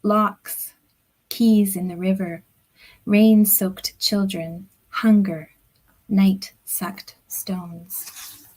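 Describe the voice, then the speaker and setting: A middle-aged woman reads her poems aloud, taking her time over each line. Her pitch sits in an ordinary middle range. Now and then a phrase softens almost to a whisper, picked up by a computer mic on a video call. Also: fairly even intonation, low-quality recording. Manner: slow, deliberate reading that drops at times into soft, near-whispered phrases. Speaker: poet reading her own work. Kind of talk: poetry reading at a book launch. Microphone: computer or headset mic on a video call.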